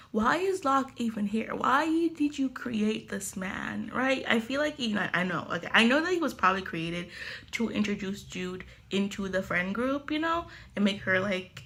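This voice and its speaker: A woman's voice: fairly high pitch, vocal fry, a bit bright. A young woman talking casually about a book she is reading, slangy and swearing freely as she rants. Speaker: book reviewer. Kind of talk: casual book review vlog.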